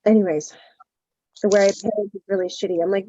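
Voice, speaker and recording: A woman's voice: mid-range voice, steady tone, fast talker, long pauses, dark tone, no room sound, muffled recording. Frank, foul-mouthed woman on a video call. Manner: frank, swears freely, acts out quotes. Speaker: client in a coaching session. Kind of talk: candid casual talk.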